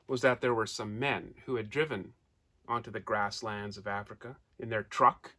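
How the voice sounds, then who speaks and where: A man reading a children's story aloud in an animated way, pointing out pictures and asking his listeners questions. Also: medium pitch. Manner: points out pictures while telling.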